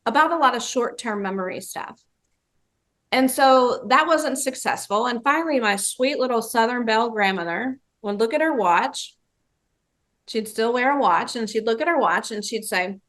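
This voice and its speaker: Lively woman telling a dementia-care story. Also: fairly high pitch, normal speed. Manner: animated storytelling, acts out quoted voices. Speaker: dementia trainer. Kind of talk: webinar presentation.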